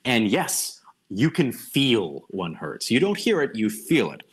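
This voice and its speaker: A man's voice: mid-range voice, huge pitch swings, takes it slowly, husky. A young man giving a casual online lecture over a voice call, thinking aloud with frequent restarts and fillers and blunt opinionated asides. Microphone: computer mic on a voice call.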